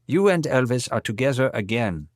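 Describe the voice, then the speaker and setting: A man's voice: medium pitch, big pitch swings, normal speed, dry recording, studio quality, pitched above the performer's own voice, lightly acted. A man voicing an elderly male film director with a heavy German accent, giving a mournful eulogy in an audiobook reading.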